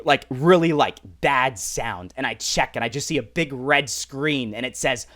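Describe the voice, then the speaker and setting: Animated man telling a vlog story. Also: on the high side, measured pace, hardly any pauses. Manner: animated, lots of fillers like "like" and "right?". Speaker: mobile gaming YouTuber.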